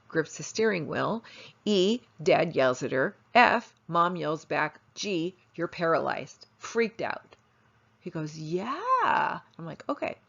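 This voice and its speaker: Her voice sits low, husky with vocal fry, as this family therapist and instructor lectures through stories, animatedly acting out each quoted voice. It comes through a dull, lo-fi recording.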